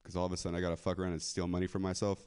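Man, stand-up comic, low voice, crude, rambling, live club stage. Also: monotone, racing, a little mellow, clean tone. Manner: crude, rambling, laughs at his own jokes. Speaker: stand-up comedian.

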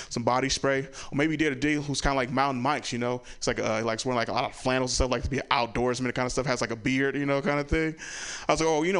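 Male stand-up comic with a storytelling set and lively character voices. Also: smooth. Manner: storytelling, acts out relatives with loud high voices. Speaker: stand-up comedian.

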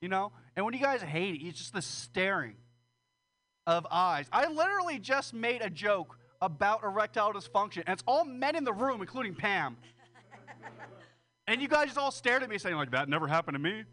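High, lively rambling comic guy. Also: moderate pace. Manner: crude, self-deprecating, rambling with nervous laughs. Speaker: stand-up comedian. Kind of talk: rambling stand-up set. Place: small comedy stage.

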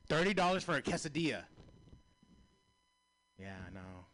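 A young man doing a stand-up comedy set, profane and rambling, laughing at his own jokes and saying he is high. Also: sing-song, moderate pace, a bit bright. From Native American heritage. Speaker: stand-up comic.

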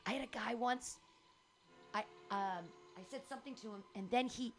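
A middle-aged woman hosting a casual chat, telling frank stories in an animated way, with faint noise behind. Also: a little high, moderate pace, faint music behind. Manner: candid, animated storytelling with acted quotes.

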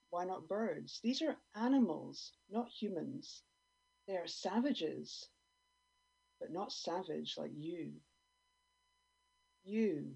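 Husky woman performing spoken word. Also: lowish voice. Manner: theatrical, with sudden swings in loudness and pace. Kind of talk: dramatic spoken word reading. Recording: dull lo-fi radio recording.

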